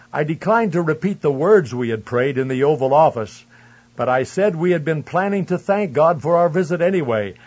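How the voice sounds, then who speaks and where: A man reading a first-person memoir aloud in a measured, earnest storytelling manner. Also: medium pitch, husky, highs cut off. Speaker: narrator. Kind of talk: scripted memoir narration.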